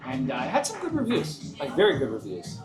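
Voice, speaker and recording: A man's voice: a little high, huge pitch swings, fairly quick. A man in his forties, a travel vlogger, telling a story in an earnest, casual way. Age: 40s. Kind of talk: casual chat. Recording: echoey room with music.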